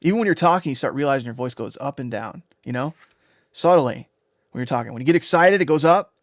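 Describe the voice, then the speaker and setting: A man, a music producer on a livestream, explaining sound design in a rambling, excitable way, often swearing and tagging lines with "right?" and "you know?". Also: mid-range voice, fast talker, dry recording, studio quality.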